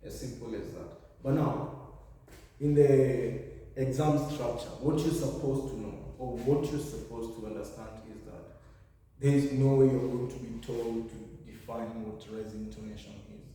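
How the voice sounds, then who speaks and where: A man's voice: mid-range voice, steady tone, measured pace, dark tone. A man giving a revision lesson, explaining step by step and often correcting himself. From Kenya. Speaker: teacher. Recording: echoey room, far from mic.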